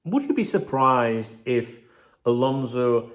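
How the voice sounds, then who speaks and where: A man hosts a football vlog in a loose, rambling rant. His voice is middle-pitched and full of swearing and bitter banter. He jumps from one thought to the next. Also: lively intonation, slow. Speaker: football channel host. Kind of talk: casual ranting vlog.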